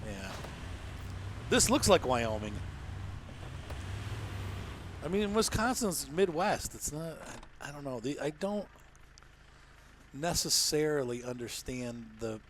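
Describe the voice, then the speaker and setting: A man with a fairly high, animated voice chats and jokes while playing a game. He laughs easily and sometimes breaks into a line of song. Faint game sounds hum in the background. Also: slow pace, long pauses. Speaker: gaming channel host. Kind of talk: casual gameplay chat.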